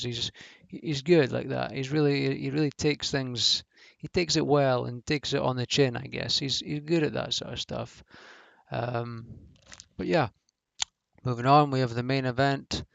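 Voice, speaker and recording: A man's voice: mid-range voice, creaky, no room sound, highs cut off. A man giving a casual, rambling review of a wrestling show, blunt and swearing freely, with lots of fillers.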